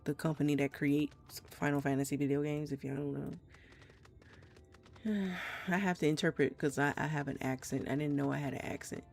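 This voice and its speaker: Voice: mid-range voice, gravelly. A streamer chatting casually during a live gameplay session, with a slight Trinidadian accent, rambling frankly and swearing freely with many restarts. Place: home, South Florida.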